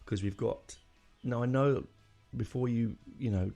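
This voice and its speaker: A man's voice: mid-range voice, a little slow, creaky, warm tone, dull audio. A man hosting a casual music podcast, rambling and emotional, with lots of fillers and restarts. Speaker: podcast host.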